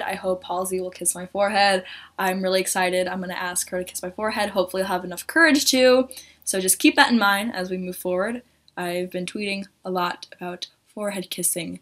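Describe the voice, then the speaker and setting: Bright-voiced young woman gushing. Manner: gushing, swears a lot, acts out quotes in a high voice. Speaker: vlogger. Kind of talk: excited story time vlog.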